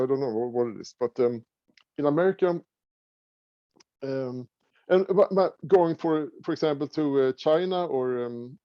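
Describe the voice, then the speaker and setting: A middle-aged man from Sweden with a Swedish accent, talking casually as an interview guest, halting with many fillers and restarts. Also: mid-range voice, mellow, dry recording, dull audio. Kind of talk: casual conversation.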